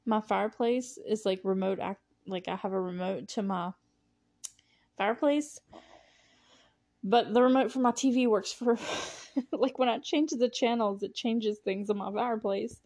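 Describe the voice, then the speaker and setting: Young woman host, casual rambling movie chat, giggly and effusive, mid-pitched voice. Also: unhurried, darkish tone. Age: young adult. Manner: gushing, rambling, laughs often, many "like" fillers. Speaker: podcast host.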